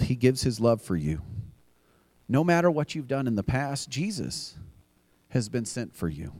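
A man's voice: mid-range voice, sing-song, normal speed, gravelly, darkish tone, no echo. A man preaching a sermon as pastor, earnest and building to emphatic repeated refrains. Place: church.

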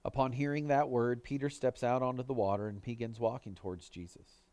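A man delivers a sermon at a mid-range pitch, earnest and steady. He lifts his voice to drive points home, then sinks low and quiet when quoting words. The sound is dry and close, with little room around it. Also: fairly quick, no echo. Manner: earnest preaching, rising for emphasis and dropping low on quoted words. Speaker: pastor.

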